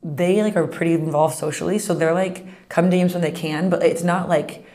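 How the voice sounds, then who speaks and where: Young woman guest, fast chatty storyteller, slightly low voice, mimics others in quotes. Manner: animated storyteller, acts out quotes, heavy "like". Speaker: podcast guest, pro soccer player. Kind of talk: casual interview chat.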